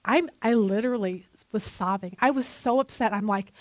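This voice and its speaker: A middle-aged woman teaching a women's Bible study, telling stories with animated asides and acted-out quotes. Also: a little high, moderate pace, hardly any pauses, dry recording.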